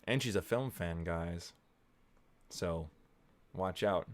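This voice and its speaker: A man giving casual watch-along movie commentary, muttering laid-back reactions with bursts of excitement and casual swearing. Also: sits low, slow.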